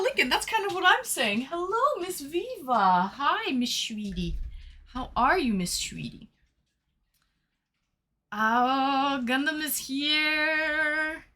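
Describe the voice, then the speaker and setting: A woman's voice: fairly high pitch, bright, forceful tone. A woman hosting a livestream, greeting viewers one by one in playful casual chat and calling them sweeties, from a small room. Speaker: livestream host.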